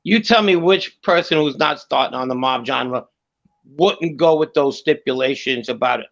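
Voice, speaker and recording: A man's voice: medium pitch, moderate pace, vocal fry, fairly bright tone. A man telling profane stories in a casual online chat, stumbling over restarts. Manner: profane storyteller with many restarts. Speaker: guest. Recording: dull lo-fi audio.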